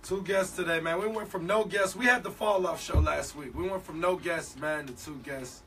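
A man with a Minnesota accent co-hosting a podcast, chiming in with quick agreement in casual chat. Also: on the high side, recorded from a distance, a crowd in the background. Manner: agreeable, chimes in with quick affirmations. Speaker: podcast host.

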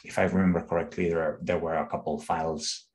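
A man, an engineer, walking through a live coding demo on a call, thinking aloud in an unhurried way with restarts. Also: sits low, level tone, a little mellow. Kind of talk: screen-share coding walkthrough.

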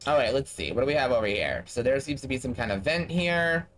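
A man's voice: medium pitch, expressive, fast talker, fairly bright tone. A man giving casual let's-play commentary, blunt and talking straight to the game characters. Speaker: gaming streamer.

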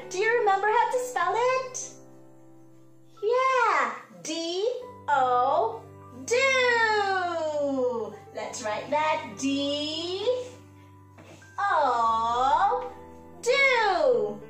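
A woman, a preschool teacher, giving a slow, sing-song morning lesson to small children. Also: very high voice, very animated, fairly bright tone, echoey room, faint music behind. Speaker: pre-K teacher.

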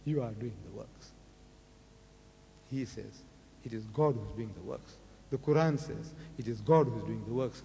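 An older man with a South African accent giving a public lecture on religion, firing rhetorical questions and rising sharply in pitch for emphasis. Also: measured pace, gravelly, pauses often, dark tone, slight background noise. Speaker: preacher. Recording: lecture hall with long reverb.

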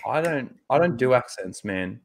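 A man's voice: mid-range voice, expressive, moderate pace. A man co-hosting a podcast, firing back crude, teasing comebacks. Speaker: podcast co-host. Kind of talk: casual banter.

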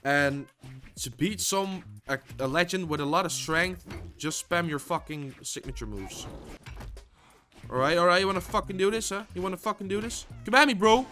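Young man raging over his game, lively and bright. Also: normal speed, faint music behind. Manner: swings between frustrated shouting and low muttering, lots of swearing. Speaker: gaming YouTuber. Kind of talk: live gameplay commentary.

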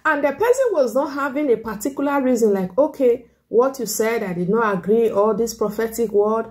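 A woman evangelist with preaches a sermon to her listeners. Her voice sits a little high, with a warm, mellow tone. She delivers it in an animated way and slips into mocking voices for her critics. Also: fairly quick.

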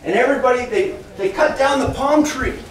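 A man teaching a children's Sunday school class, telling a Bible story slowly and with animation and asking the children questions. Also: extremely high pitch. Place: church classroom. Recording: echoey room, distant mic, faint noise.

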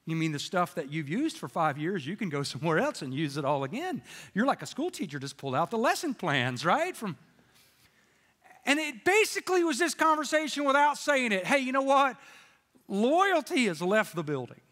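A middle-aged male pastor delivers a sermon in a church, his voice sitting fairly high for a man. He talks in a folksy, storytelling way, with jokes along the way. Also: big pitch swings, moderate pace, a bit bright, long reverb tail. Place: church sanctuary with congregation.

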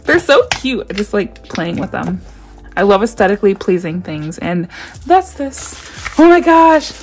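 A young woman chatting excitedly to her viewers while unboxing, gasping and gushing as she talks. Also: medium pitch, moderate pace. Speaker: nail vlogger doing an unboxing. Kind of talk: excited casual unboxing chat.

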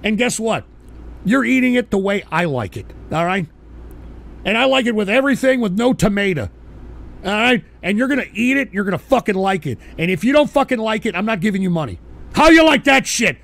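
A man hosting an internet radio show, delivering a profane, combative live rant. He keeps adding insistent tag questions and breaks into sudden shouted outbursts. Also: high voice, expressive, brisk, vocal fry. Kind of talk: live-streamed ranting monologue.

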